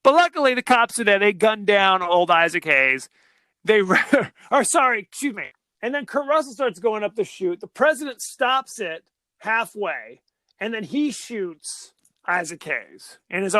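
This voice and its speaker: A man's voice: sits high, no room sound. A man co-hosting a podcast, recapping a film in casual chat and acting out the characters' lines. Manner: animated storytelling, acts out characters' lines. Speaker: podcast co-host.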